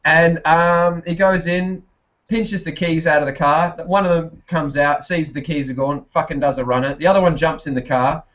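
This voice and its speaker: A man's voice: on the high side, fairly even intonation, moderate pace, fairly bright tone, dull audio. A man with a South Australian accent, a podcast guest telling rambling stories, swearing heavily and laughing often. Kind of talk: casual chat.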